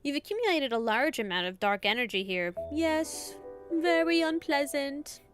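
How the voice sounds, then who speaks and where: A woman's voice: high-pitched, big pitch swings, faint music behind, pitched above the performer's own voice. A woman doing a smug southern-belle fortune teller. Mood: smug mystic. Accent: put-on American Southern. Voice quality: slow southern twang. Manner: mystical, condescending, drawn-out.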